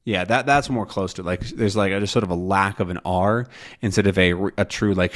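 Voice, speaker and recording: A man teaching English in a relaxed, casual way, thinking aloud with many ums and pausing to slowly demonstrate vowel sounds. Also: deep voice. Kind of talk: casual explanatory lesson.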